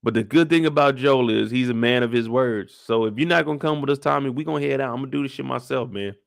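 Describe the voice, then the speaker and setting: A man giving a casual recap of a TV episode in animated, heavily slangy talk, swearing freely. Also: medium pitch, fast, vocal fry. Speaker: show recap youtuber.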